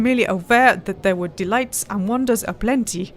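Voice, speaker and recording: A woman's voice: mid-range voice, brisk. A woman hosting a let's play, reading the game's story text aloud and chatting, often breaking into laughter. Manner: giggly, breaks into laughter, tries silly voices. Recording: faint background noise.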